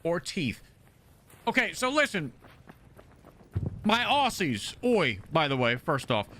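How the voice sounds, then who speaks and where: A man's voice: on the high side, very animated, takes it slowly, sharp tone, a little hiss or hum. A young American man streaming live, chatting casually with his viewers, reading chat aloud in a brash, joking, profane way. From United States. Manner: reads and answers chat aloud. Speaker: game streamer.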